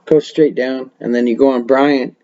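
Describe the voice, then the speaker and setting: A man with a mellow, darkish voice tells loose stories on a practice podcast, swearing freely and breaking into laughs. The audio is dull and lo-fi, like a webcam mic. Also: mid-range voice, fairly even intonation, normal speed. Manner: profane, laughing, rambling storyteller. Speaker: podcast host. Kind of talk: casual storytelling.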